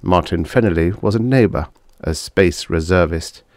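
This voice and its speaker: A man narrating a vintage science fiction short story with a lively, expressive reading. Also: deep voice, moderate pace, no room sound, clean studio sound. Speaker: audiobook narrator. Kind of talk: scripted narration.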